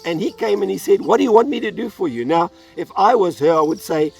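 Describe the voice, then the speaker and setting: A man's voice: sits high, animated, fast, gravelly, a little mellow, distant mic, soft background music. A man pastor delivering an earnest sermon, telling a Bible story and acting out its voices. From South Africa.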